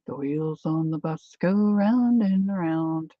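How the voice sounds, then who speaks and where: A woman's voice: deep voice, takes it slowly, no room sound, dull audio. A woman hosting a craft livestream, rambling chattily through a demo and answering viewer comments.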